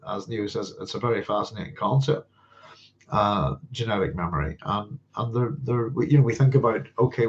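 A man's voice: on the low side, slight background noise. A man hosting a live science fiction Q&A, chatting casually and rambling, with many fillers and restarts and frequent chuckles. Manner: chuckles often. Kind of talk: casual livestream chat answering viewer questions. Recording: dull lo-fi sound.

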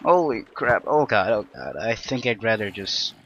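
A man's voice: fairly low pitch, sing-song, normal speed, vocal fry, fairly bright tone, dull audio, a little hiss or hum. A young man giving casual, rambling commentary on his own gameplay, self-deprecating and prone to sudden panicked outbursts. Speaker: Let's Play gamer.

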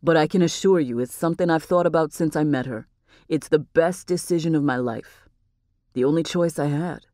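A woman voicing an earnest, devoted young man in an audiobook, in a plain, even tone. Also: low voice, normal speed, no echo, clean studio sound, natural voice. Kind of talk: audiobook character voice.

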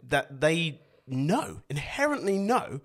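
A man with a posh English accent, hosting a podcast in relaxed, chatty conversation. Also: a little high, slow. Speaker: podcast host.

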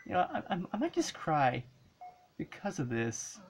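A woman giving casual commentary while playing an old handheld game, excitable and swearing and yelling at the screen. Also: mid-range voice, moderate pace, gravelly, a little hiss or hum. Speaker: let's play gamer.

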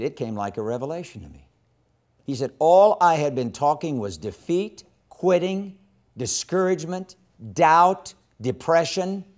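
Impassioned male evangelism teacher. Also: on the high side. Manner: impassioned, swings from loud emphasis to hushed quoting. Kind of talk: teaching sermon with storytelling.

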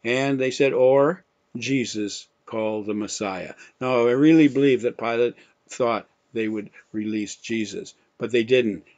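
A man's voice: medium pitch, a little slow, a little mellow. A man teaching a Bible lesson in sermon style, emphatic and repeating key phrases, quoting scripture with dramatic force. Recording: dull lo-fi recording.

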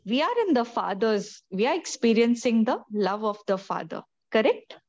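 A woman's voice: fairly high pitch, sing-song, normal speed, a little mellow, highs cut off. A woman leading a prayer group as its Bible teacher, affirming others and repeating key phrases in a preaching cadence.

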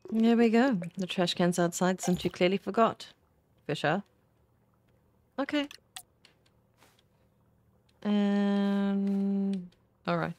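A woman's voice: mid-range voice, fairly even intonation, slow pace, pauses often, darkish tone. Gushing woman playing a video game. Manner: gushing, exclamatory, giggly. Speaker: gaming streamer. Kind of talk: casual let's-play commentary. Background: faint game music.

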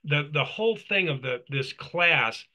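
A man's voice: on the high side, expressive, unhurried, pushed and bright, poor audio. A middle-aged man co-hosting a casual talk, telling his story with animation and acting out the quotes. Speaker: co-host. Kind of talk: casual testimony chat.

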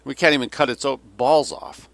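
A man's voice: medium pitch, normal speed, creaky, a bit bright, no room sound, voice pushed up. A man voicing a weary, cynical older male Russian general who delivers sardonic, bitter tirades.

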